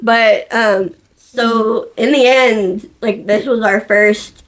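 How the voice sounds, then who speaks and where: A woman's voice: a little high, steady tone, takes it slowly, fairly bright tone. A woman chatting on a casual podcast who talks playfully and steers the conversation along.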